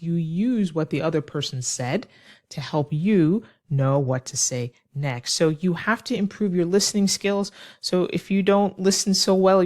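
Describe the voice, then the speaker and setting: Teacher explaining English small talk. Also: mid-range voice. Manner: explanatory, acts out example lines. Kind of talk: ESL lesson explaining dialogues.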